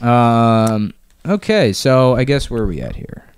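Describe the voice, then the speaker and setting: Rambling, profane young podcast host. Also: male voice, medium pitch, very animated, unhurried, clean tone, dry recording. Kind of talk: casual comedy chat.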